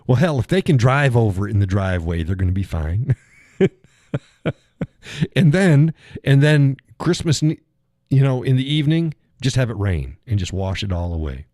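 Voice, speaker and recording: A man's voice: medium pitch, very animated, moderate pace, darkish tone, dry recording, studio quality. A man hosting a live stream, rambling through a chat while recovering from a leg injury, swearing and chuckling as he tells stories. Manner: rambling, profane storytelling with chuckles. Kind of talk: casual chat reading viewer comments.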